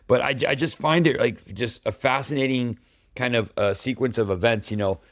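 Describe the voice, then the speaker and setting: A man's voice: mid-range voice, normal speed, no echo, studio quality. A man hosting a cybersecurity podcast, chatting casually with frequent fillers and restarts. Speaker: podcast host. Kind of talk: casual chat.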